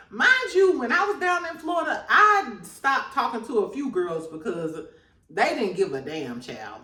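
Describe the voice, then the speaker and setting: Woman, reality TV recap host, gossipy slang, frequent laughter, lively up-and-down voice, echoey room. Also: recorded from a distance. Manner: laughs a lot, gossipy, slangy, mimics people in high voices. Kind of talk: casual chat.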